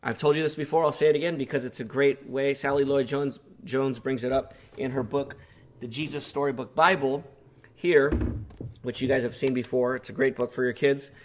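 A man's voice: medium pitch, fairly even intonation, normal speed. A male pastor preaching an earnest sermon, growing impassioned as he voices the psalmist's pleas.

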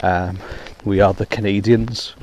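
A man's voice: lowish voice, steady tone, measured pace, a little mellow, a little hiss or hum. A man hosting his own podcast, talking casually and rambling with lots of ums while walking outdoors in heavy rain on a hands-free headset. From Wales. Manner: rambling, self-deprecating, many ums. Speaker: podcast host. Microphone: hands-free phone headset.

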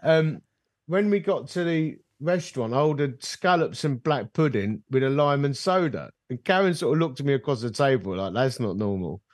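In a bar setting, a middle-aged ministry leader on a podcast shares a personal story in relaxed conversation, voicing the dialogue with animation. His voice is a little high and moves at a normal speed. No echo, studio quality.

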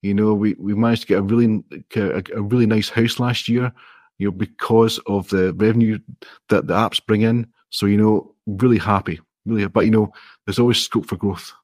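A man's voice: lowish voice, steady tone, moderate pace, a little mellow, no room sound, clean studio sound. A man, an indie app developer, explaining his approach step by step in a friendly, modest way during a casual interview.

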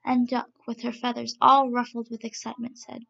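A woman narrates a children's story in a steady, measured way. Her voice sits fairly high but carries a heavy gravelly crackle. The recording sounds muffled and lo-fi. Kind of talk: reading a children's story aloud.

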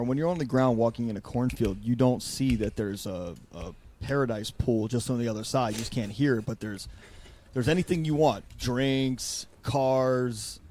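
A man hosting a podcast, talking in a rambling, animated way and acting out quotes. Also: medium pitch, a little hiss or hum. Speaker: podcast host. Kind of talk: casual podcast conversation.

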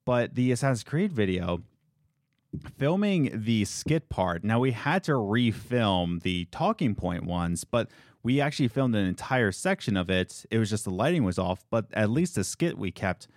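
A young man co-hosting a podcast, telling stories in a rambling, animated way with frequent restarts. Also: fairly low pitch, moderate pace, no room sound, clean studio sound. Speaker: podcast co-host. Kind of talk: casual chat.

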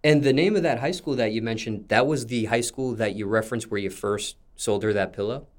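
A man hosting an interview, asking his guest questions in a formal, measured way. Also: medium pitch.

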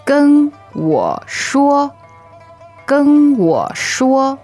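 Woman co-host, Chinese native, slow careful phrases, faint music. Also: sits high, huge pitch swings, a little mellow. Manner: slow, careful model pronunciation. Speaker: podcast co-host. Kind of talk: language lesson podcast.

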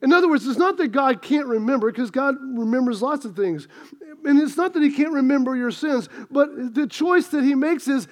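A middle-aged man with a very high voice preaches a sermon. He talks in a chatty, self-deprecating way and slips into a humorous personal story. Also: animated, moderate pace. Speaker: pastor.

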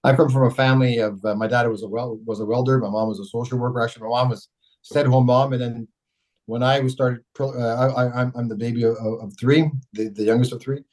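A man's voice: medium pitch, steady tone, fast, a little mellow, rough recording. A middle-aged man from Canada being interviewed as a mayor, telling long rambling stories full of restarts and self-corrections. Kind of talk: casual storytelling interview.

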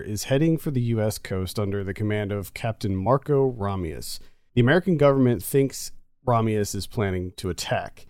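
A man co-hosting a casual movie review chat, talkative and quick to laugh. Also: medium pitch, a little mellow, no room sound, clean studio sound. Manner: chatty, laughs easily. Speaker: podcast co-host.

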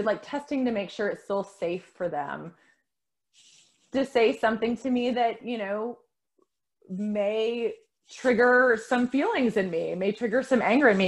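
Middle-aged woman coach, soft and reassuring, casual talk at a medium pitch. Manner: gentle, reassuring, repeats words. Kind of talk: casual conversation.

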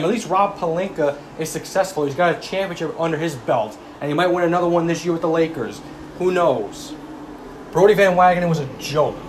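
A young man with a fairly high-pitched voice rants heatedly about baseball like a sports commentator, mocking rival fans and swearing. There's slight background noise.

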